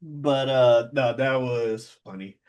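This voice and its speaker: A young man with a St. Louis accent, chatting on a podcast. His pitch sits in the middle for a man, and he tells stories with lively mimicry, slipping into other people's voices and cursing casually. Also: slow pace. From St. Louis, Missouri. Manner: animated, acts out quoted people, swears freely. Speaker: podcast co-host. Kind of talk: casual storytelling chat.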